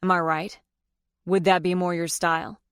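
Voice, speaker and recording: A woman voicing a confident male lawyer in an audiobook, speaking calmly, earnestly and with a teasing edge. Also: fairly low pitch, moderate pace, smooth, no room sound, clean studio sound.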